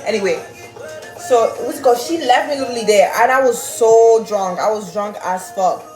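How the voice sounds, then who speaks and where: A young woman, telling a story casually to her viewers in an animated, swearing manner and laughing often. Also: on the high side, moderate pace. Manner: animated, swearing, laughing, reading chat aloud. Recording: roomy with faint music.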